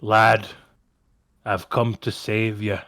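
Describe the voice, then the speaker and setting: A man playing a gruff adventurer who says lad. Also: fairly low pitch, flat delivery, takes it slowly, a bit bright, no echo, clean studio sound. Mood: earnest. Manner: blunt, folksy. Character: gruff older male adventurer calling others lad.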